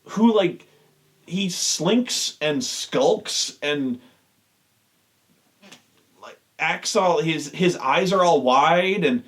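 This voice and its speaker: A man's voice: fairly high pitch, expressive, takes it slowly. A man hosting a show, ranting with exasperation and heavy swearing. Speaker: show host. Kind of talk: profane rant.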